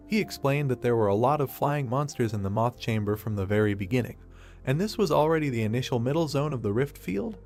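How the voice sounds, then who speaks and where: A man narrating a story recap in a steady third-person storytelling manner. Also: medium pitch.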